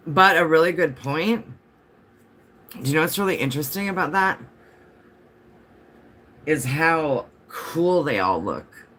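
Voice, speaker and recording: A man's voice: fairly high pitch, lively intonation, unhurried, pauses often, sharp tone. A man chatting casually on a home livestream, rambling from topic to topic and answering viewer comments as they come in.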